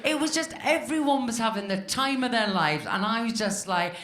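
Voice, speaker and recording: Stand-up comic, woman in her fifties, salty and animated, live club with a roomy sound. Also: on the high side, moderate pace. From Scotland. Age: 50s. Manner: swears freely, acts out quoted voices. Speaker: stand-up comedian. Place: comedy club stage with live audience.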